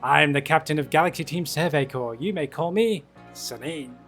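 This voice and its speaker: A man's voice: fairly high pitch, moderate pace, fairly bright tone, soft background music. A man voicing a cold, formal female captain in a game. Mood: stern.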